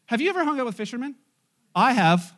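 Male pastor, very high-pitched, lively, humorous sermon delivery. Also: quick pace. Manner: lively, joking storyteller who acts out the characters.

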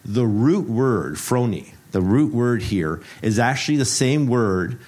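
Male pastor, mid-pitched voice, playful and teacherly, runs a sermon like a quiz game, repeats phrases for emphasis. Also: big pitch swings, a little slow, a little mellow.

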